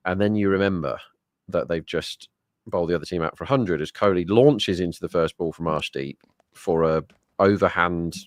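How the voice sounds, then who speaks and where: A man's voice: low-pitched, moderate pace, dry recording, clean studio sound. A man co-hosting a live sports watch-along, chatting through betting lines and the match action. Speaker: co-host and betting tipster.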